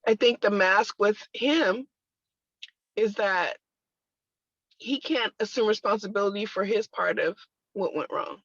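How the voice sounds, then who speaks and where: A woman's voice: medium pitch, measured pace, long pauses, a bit bright, husky, no echo. A woman sharing a personal testimony in conversation, telling it emphatically with religious exclamations. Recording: dull lo-fi, dry sound.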